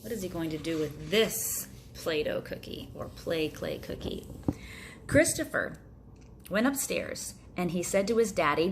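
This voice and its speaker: A woman's voice: fairly low pitch, a little slow, a little hiss or hum. Playful woman reading a storybook aloud. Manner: playful, animated sound effects. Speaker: storyteller for children.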